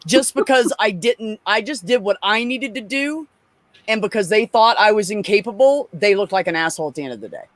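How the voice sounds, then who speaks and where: A woman telling profane, animated stories in a casual chat as a guest. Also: medium pitch, fairly quick, no echo.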